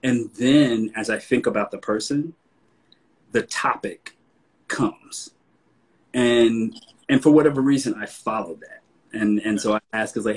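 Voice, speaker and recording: A man from the American South hosts a relaxed sit-down conversation. His voice is fairly low and a little husky, with a soft Southern accent. He sounds chatty and easygoing, and he livens up whenever he quotes himself. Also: unhurried, rough recording. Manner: relaxed, conversational, animated when quoting himself. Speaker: host. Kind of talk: casual interview.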